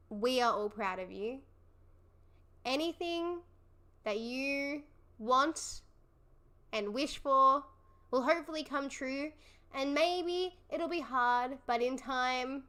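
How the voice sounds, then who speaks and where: A woman's voice: sits high, takes it slowly, long pauses, a bit bright, clean tone. A young woman hosting a livestream, chatting casually with viewers in an effusive, encouraging way and laughing often. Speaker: livestream host. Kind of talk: casual live chat with viewers.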